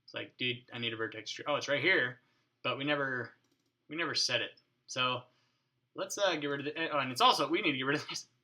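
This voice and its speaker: A man's voice: mid-range voice, fast, pushed and bright. A man hosting a casual coding tutorial at his home desk, thinking aloud, muttering to his code and joking with mild swearing. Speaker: programming tutorial host. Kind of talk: casual screencast coding walkthrough.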